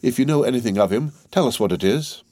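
A man's voice: medium pitch, animated, fast talker, darkish tone, dry recording, studio quality, pitched above the performer's own voice, close to an everyday voice. A man reading the part of an earnest young man in an audiobook, speaking with urgency.

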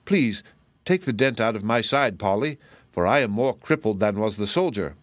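A man's voice: on the low side, expressive, normal speed, no room sound, natural voice. A man voicing a proud, courtly tin man emperor in a storybook reading, speaking heartily. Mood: pleading.

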